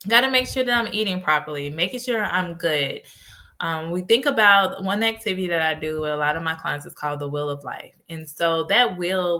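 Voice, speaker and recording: Casting: woman host, lowish pitch but bright tone, chatty storyteller. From United States. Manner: animated storytelling with laughs. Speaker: podcast host and life coach. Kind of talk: casual solo podcast talk.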